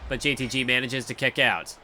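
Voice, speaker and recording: A young man doing play-by-play commentary over a wrestling video game, excitable and rambling, often correcting himself mid-sentence. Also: mid-range voice, a little fast, a little hiss or hum.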